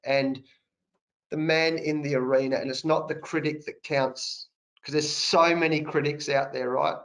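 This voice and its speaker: A man's voice: a little high, steady tone, unhurried, a bit bright, low-quality recording. A middle-aged Australian man, an interview guest on a video call, telling a candid personal story in an earnest, emphatic way and repeating phrases for weight. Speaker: interview guest, cricket coach. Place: home study, indoors.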